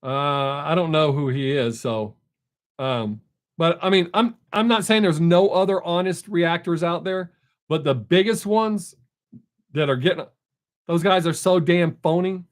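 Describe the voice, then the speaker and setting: A man's voice: on the high side, a little slow. Blunt, chatty man. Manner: blunt, talkative, storytelling. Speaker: live stream host. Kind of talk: casual chat with viewers.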